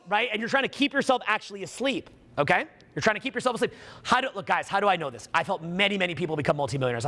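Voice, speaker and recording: A young man speaks to a live seminar crowd in a high, very bright voice that swings widely in pitch. He talks with a preachy energy, acts out little voices and shouts for emphasis. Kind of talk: live motivational talk to a room.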